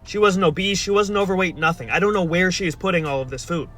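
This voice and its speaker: A young man with a high, bright voice tells a casual storytime. His delivery is wry and exasperated, with a deadpan edge. Faint music runs underneath. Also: fast. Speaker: storyteller in a played video clip.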